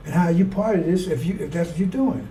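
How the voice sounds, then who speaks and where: Fast and high-pitched but mellow, this man rants through a fiery street sermon, blunt, profane, and rambling. He's picked up on a distant mic with a bit of faint noise.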